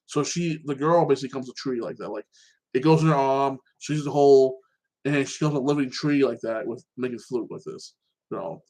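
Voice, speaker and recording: A man hosting his own show, chatting casually about TV shows and an upcoming fight, rambling and excitable, tagging "like that" onto his sentences. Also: medium pitch, a little fast. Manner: animated, excitable. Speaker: show host.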